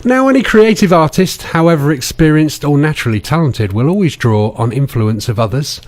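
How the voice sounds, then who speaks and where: A man's voice: fairly high pitch, animated, a little fast, darkish tone. A man presenting a radio music show, linking songs in a chatty, playful way.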